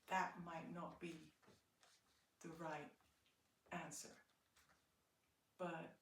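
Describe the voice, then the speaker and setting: A woman's voice: deep voice, level tone, drawn-out words, vocal fry, long pauses, slight background noise. A woman with a Scottish accent giving a casual tarot reading, talking in a reflective, rambling way with many restarts. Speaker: tarot reader. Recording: roomy, from a distance.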